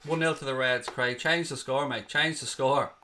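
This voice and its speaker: A man from Ireland hosting a fan channel, giving excitable, blunt and sweary live watchalong commentary on a match. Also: medium pitch, normal speed.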